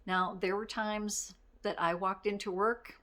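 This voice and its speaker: A middle-aged woman giving a casual motivational talk as a life coach, candid and self-deprecating, with quick laughs. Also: mid-range voice, steady tone, sharp tone.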